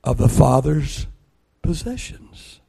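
A man's voice: mid-range voice, takes it slowly, creaky, breathy edge. An older man, a pastor preaching a sermon and telling family stories with acted-out dialogue. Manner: storytelling, acts out dialogue with rising excitement.

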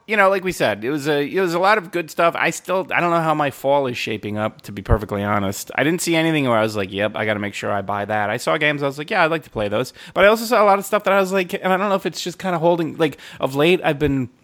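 A man hosting a podcast in casual chat, rambling and profane, with quick asides. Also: on the high side, lively intonation, a bit bright.

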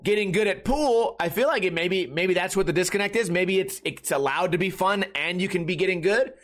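Young man, podcast host, high voice, casual rambling monologue, swears a lot. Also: fairly quick, fairly bright tone. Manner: rambling, profane, jokey.

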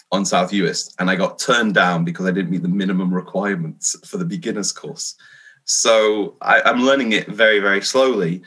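A man's voice: on the low side, sharp tone, low-quality recording. A man raised in England, a Presbyterian minister, answering interview questions in an earnest, reflective and self-deprecating way. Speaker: Free Church minister.

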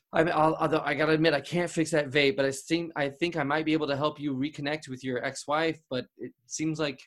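A man's voice: on the high side, fairly bright tone, lightly acted. A man playing a flustered, stammering TV doctor. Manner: stammering, frequent restarts. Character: flustered talk-show doctor, apologetic. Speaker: host. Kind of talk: improvised comedy podcast.

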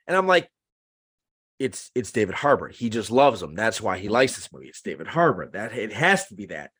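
A man in his thirties co-hosting a casual podcast chat, animated and acting out the lines he quotes. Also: fairly low pitch, brisk, slightly rough. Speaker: podcast co-host.

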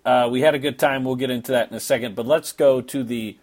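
A man's voice: mid-range voice, fairly even intonation, quick pace. A man from Massachusetts hosting a casual sports podcast, joking and bantering with his co-host.

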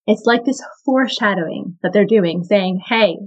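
A woman hosts a podcast, teaching a Bible story in a chatty, enthusiastic way full of "I mean" and "like." Her medium-pitched voice moves at a moderate pace, though the audio sounds dull.

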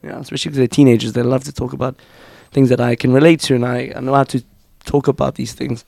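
A man's voice: mid-range voice, flat delivery, fast talker, gravelly, a little mellow, dry recording. Laughing South African man, dry sound. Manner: laughs often, restarts his sentences. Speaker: teaching fellow, podcast guest. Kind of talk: casual chat.

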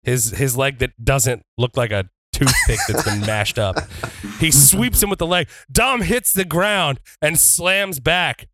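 Bright, playful man narrating wrestling moves. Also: medium pitch, unhurried. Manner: profane, playful, switches into shouted wrestler taunts. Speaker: tabletop wrestling game player. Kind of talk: narrating his wrestler's moves in a tabletop game.

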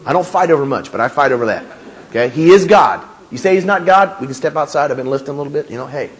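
A male pastor preaching a sermon, animated and emphatic, with humor and rhetorical questions. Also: on the high side, fast.

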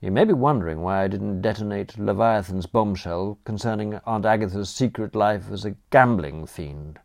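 A man reading first-person comic narration for an audiobook in a wry, animated manner. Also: fairly low pitch, moderate pace, gravelly.

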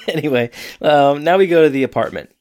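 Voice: medium pitch, expressive, a little fast, a little mellow. A playful co-host casually recapping a show, joking and acting out characters' lines. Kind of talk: casual chat.

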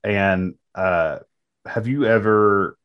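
A man co-hosting a casual podcast, asking a question haltingly and searching for his words. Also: lowish voice, smooth, muffled recording. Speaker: podcast co-host, minister. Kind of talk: casual chat.

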